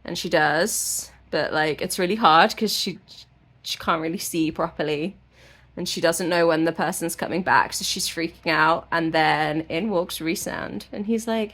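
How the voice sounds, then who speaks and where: A woman vlogger recapping a book in a casual, irreverent way, now and then swearing. Her voice sits a little low for a woman, and she keeps the tone chatty throughout. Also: measured pace, a bit bright.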